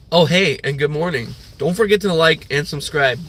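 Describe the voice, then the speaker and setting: A man's voice: on the high side, heavy background noise. A young man streaming a rambling morning rant, full of fillers and swearing. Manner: rambling, profane, filler-heavy. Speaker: livestreamer.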